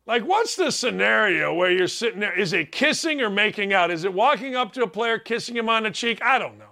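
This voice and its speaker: A middle-aged man hosting a sports talk show, animated and sarcastic, swinging from loud outbursts to muttered asides. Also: high voice, brisk, gravelly. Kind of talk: opinionated sports radio talk.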